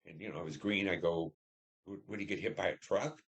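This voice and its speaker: A man in his seventies from Detroit, a veteran telling war memories in an oral history interview, halting and reflective with many fillers. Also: low-pitched, fairly even intonation, gravelly. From Detroit, Michigan.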